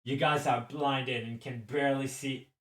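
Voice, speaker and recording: A man narrating a tabletop game as game master, slow and halting, with many restarts. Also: medium pitch, steady tone, fairly bright tone, distant mic. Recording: roomy echo, a bit off-mic.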